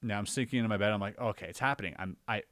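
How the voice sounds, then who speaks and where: Animated man telling a story, dry sound. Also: lowish voice, rapid-fire, no room sound. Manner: animated, acts out his own reactions, many fillers. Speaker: podcast guest or co-host. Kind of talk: casual storytelling conversation.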